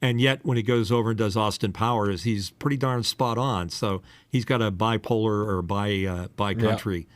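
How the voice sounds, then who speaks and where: A man co-hosting a casual podcast chat, a commercial voice actor who talks in an animated way and drops in quick impressions. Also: lowish voice, no echo. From United States.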